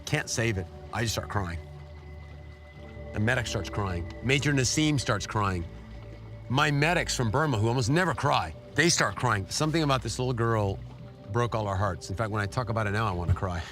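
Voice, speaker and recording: A middle-aged man giving an earnest, emotional personal testimony as an interview guest, his pitch jumping up when he is moved. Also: moderate pace, fairly bright tone, soft background music. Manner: emotional, earnest storytelling with sudden rises in pitch. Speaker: guest telling a war story.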